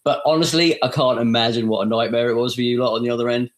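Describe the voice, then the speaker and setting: Man, British RP accent, casual podcast chat, self-deprecating, animated storyteller. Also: medium pitch, quick pace. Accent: British received pronunciation. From England. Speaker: podcast guest, voice actor.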